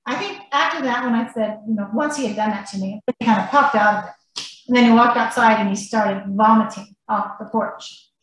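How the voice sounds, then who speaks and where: A woman guest on an interview podcast, telling a personal story in an animated way and acting out what people said. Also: fairly high pitch, fairly quick, heavy reverb, low-quality recording.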